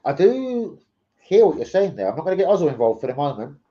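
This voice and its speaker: With a fairly high, sing-song voice, this man talks fast in a mellow tone over dull audio. He runs a football fan channel, rambling and cursing through a relaxed livestream where he reads transfer gossip and talks with viewers.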